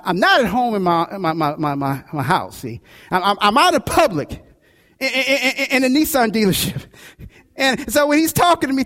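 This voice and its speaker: A male pastor preaching a sermon, telling a personal story with lively, animated delivery. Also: very high-pitched, big-room sound. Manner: animated storytelling with shouts and laughs.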